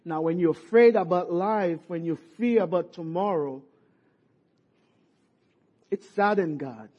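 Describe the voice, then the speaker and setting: A man preaching a sermon, impassioned, dropping soft and rising to shouted peaks. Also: sits high, a little slow. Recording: muffled lo-fi sermon recording.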